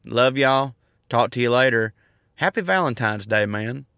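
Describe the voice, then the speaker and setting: A man's voice: mid-range voice, animated, measured pace, a bit bright, clear, resonant tone, no echo, studio quality. A man in his thirties with a Southern accent, joking and rambling through a casual outdoor monologue as a podcast host. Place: outdoors in a park.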